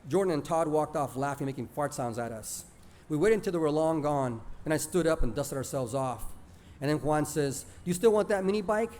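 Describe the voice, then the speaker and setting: Warm-voiced man telling a childhood story. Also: fairly high pitch, moderate pace. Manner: plainspoken, mixes in Spanish words. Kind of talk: oral storytelling of a childhood memory.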